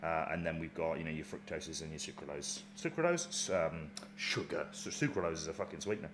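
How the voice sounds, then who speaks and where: With a very deep voice, a steady tone, and a quick pace, a bodybuilding vlogger in his thirties talks casually and cusses freely while preparing a meal for his fitness channel. There's background noise, and his manner is chatty and offhand.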